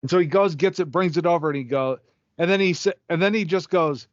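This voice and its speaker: Young male co-host, high voice, rambling profane storyteller, dry dull recording. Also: fast talker, no room sound. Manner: rambling, profane, acts out quotes. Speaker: podcast co-host. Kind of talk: comedic storytelling.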